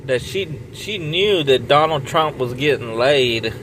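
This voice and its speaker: A man rambles through a profane comic story, his voice swinging up and down as he retells a friend's words. He talks slowly and takes his time. Steady car engine hum sits under the recording. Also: medium pitch, rough recording. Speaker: comedian.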